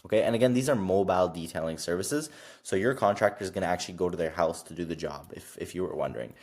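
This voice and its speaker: Young male business vlogger with a deep voice. Casual, chatty and full of fillers. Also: darkish tone. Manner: fast, filler-heavy with frequent "like" and "literally". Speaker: online business creator. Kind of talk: casual screen-share explainer.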